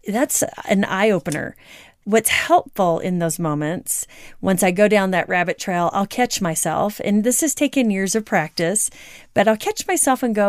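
A woman's voice: medium pitch, animated, unhurried, clean tone, no echo, studio quality. Earnest woman co-hosting a podcast. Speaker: podcast co-host. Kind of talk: casual married-couple podcast chat.

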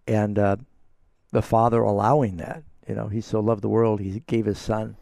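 A man's voice: on the low side, little pitch movement, normal speed, creaky, warm tone, no echo, clean studio sound. A man hosting a call-in radio Bible program as pastor, explaining scripture in an earnest, conversational way.

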